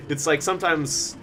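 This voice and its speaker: A man's voice: a little high, gravelly, fairly bright tone. A man chatting casually while streaming a game, rambling with lots of fillers and frequent laughter. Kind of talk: casual live-stream chat while gaming.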